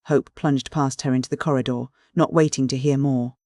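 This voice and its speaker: An audiobook reader giving a steady, even narration of a classic mystery novel. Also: mid-range voice, normal speed, no echo. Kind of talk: scripted narration.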